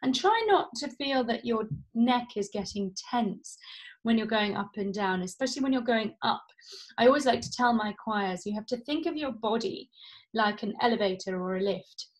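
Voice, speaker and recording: A woman, a vocal coach leading a guided vocal warm-up at home, playful and encouraging. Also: fairly high pitch, animated, moderate pace. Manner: encouraging, playful instruction with demonstrated sounds. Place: home, indoors.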